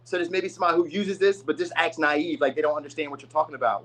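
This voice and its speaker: A man's voice: on the high side, rapid-fire, few pauses, fairly bright tone, poor audio. Chatty, rambling man reading tarot. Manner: loose, rambling, chatty delivery with many asides; acts out quoted people in voices. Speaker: tarot reader. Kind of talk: casual tarot reading to camera.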